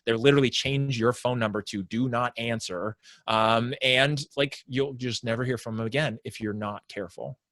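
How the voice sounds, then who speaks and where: A man, a sales consultant, explaining his approach as a podcast guest and acting out his clients' worries in quick asides. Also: mid-range voice, no room sound, studio quality. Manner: animated explainer, acts out prospects' inner voices. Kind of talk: conversational interview.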